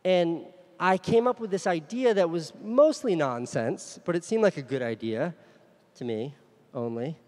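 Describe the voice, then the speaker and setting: A man's voice: a little high, measured pace, a little mellow, long reverb tail. A man giving a frank, self-deprecating keynote at a conference, telling the story of his career in plain, earnest words. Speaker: conference speaker.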